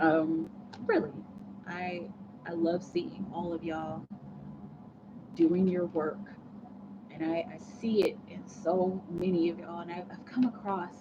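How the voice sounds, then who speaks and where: A woman hosting a casual livestream, chatting with viewers, laughing often and rambling with restarts. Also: lowish voice. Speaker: tarot reader livestream host. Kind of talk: casual livestream chat reading comments. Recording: muffled lo-fi audio with clear background noise.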